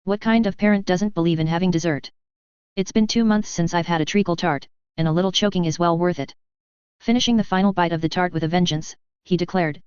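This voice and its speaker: A narrator giving an even, unhurried first-person reading of a fan fiction story. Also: medium pitch, smooth, no room sound, highs cut off.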